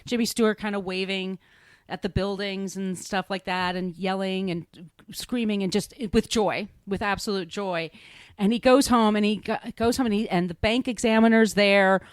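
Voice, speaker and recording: Casting: mid-pitched woman host, chatty and rambling, dry studio sound. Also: steady tone, normal speed, smooth, dry recording. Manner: chatty, rambling, laughing at herself. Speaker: podcast host. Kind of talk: casual movie recap.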